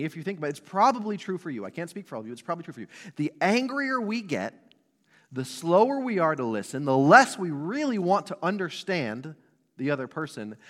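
In a church sanctuary with the long reverb of a hall, a lively male pastor with a fairly high voice delivers a sermon. He keeps it conversational, putting questions to the congregation.

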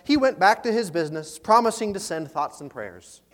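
A man preaching from a church sanctuary, his voice pitched high and swinging widely as he retells the story. He talks in bursts with many restarts. A long reverb trails each phrase. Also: moderate pace. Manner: animated storytelling with frequent restarts. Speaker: pastor. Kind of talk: sermon.

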